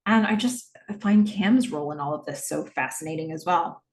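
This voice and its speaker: A woman's voice: low voice, normal speed. Chatty female podcast host recapping a TV episode, musing aloud; echoey room. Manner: chatty, thinking aloud with frequent fillers. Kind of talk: rewatch podcast recap and commentary.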